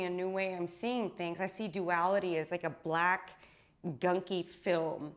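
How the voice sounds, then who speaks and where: A woman spiritual teacher giving an intense, blunt monologue to her followers, swearing freely and often tagging her points with a question. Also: fairly low pitch.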